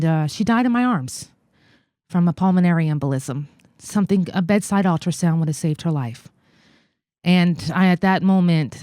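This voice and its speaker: American woman in her 40s, guest in an interview, slow halting earnest talk with lots of ums, mid pitch, dry close sound. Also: mellow, dry recording. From United States. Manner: halting and earnest, many fillers, quotes others. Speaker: guest, congressional candidate. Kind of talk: personal story in an interview.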